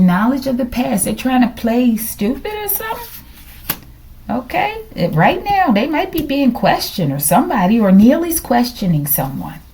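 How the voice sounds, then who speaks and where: Middle-aged woman tarot reader with a high, mellow voice who muses and questions aloud. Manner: musing aloud, asks questions, drops into whispers. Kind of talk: casual tarot reading to viewers.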